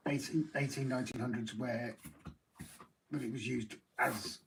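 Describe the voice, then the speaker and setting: A man with a middle-pitched voice co-hosts a casual live stream. He adds relaxed, short remarks to the chat. A clear hiss sits under his voice. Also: moderate pace.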